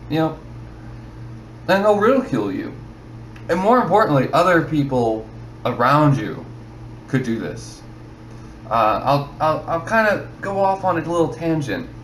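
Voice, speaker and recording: A man's voice: mid-range voice, fairly bright tone, reverberant, slight background noise, rough recording. A man giving casual advice to other artists, rambling and filling his talk with "you know". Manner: rambling, repeats himself, many "you know"s.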